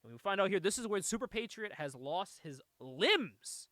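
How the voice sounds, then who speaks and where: A man hosting a casual comic book podcast, animated and swearing freely, laughing often as he talks. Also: high-pitched, normal speed, dry recording. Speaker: podcast host.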